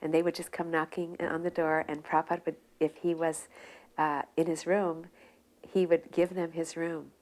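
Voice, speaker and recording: Brief: woman in a low register, soft-spoken and relaxed, sharing remembered stories. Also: moderate pace. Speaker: devotee recounting memories. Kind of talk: reminiscing storytelling.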